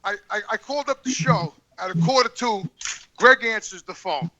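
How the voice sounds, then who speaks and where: A man's voice: sits high, expressive, moderate pace, sharp tone, lo-fi sound. A man ranting in casual chat on a podcast call, profane, rambling and heated. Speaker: regular podcast guest. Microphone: video call.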